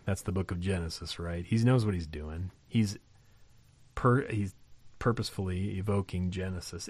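A man hosting a podcast Bible lesson, animated in talk and reading scripture slowly and weightily. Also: deep voice, dry recording.

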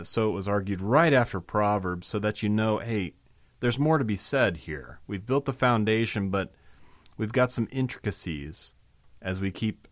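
A Bible teacher with a fairly low voice gives an informal lesson, thinking out loud with fillers and restarts and getting louder on key points. There's no echo.

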